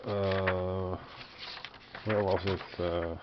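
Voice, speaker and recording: A man's voice: low-pitched, level tone, drawn-out words. A man losing his voice who coughs often, thinking aloud as he reads through a rulebook, hesitant and full of fillers, wryly exasperated. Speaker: board game reviewer. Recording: dull lo-fi sound with faint noise.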